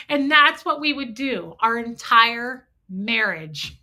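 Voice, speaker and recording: A woman hosting a livestream, telling a story in a blunt, profane, animated way and acting out both sides of old arguments. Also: fairly high pitch, takes it slowly. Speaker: host.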